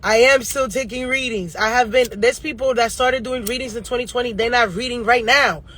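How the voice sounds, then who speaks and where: A woman giving a casual astrology reading who talks bluntly and profanely, going off on fast-ranting tangents. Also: a little high, a bit bright. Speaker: astrologer and tarot reader.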